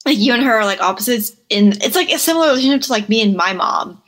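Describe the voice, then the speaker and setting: A woman's voice: a little high, animated, fast, a bit bright. A young woman chatting as a podcast guest, telling stories animatedly with frequent laughter and acted-out family dialogue. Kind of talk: casual chat.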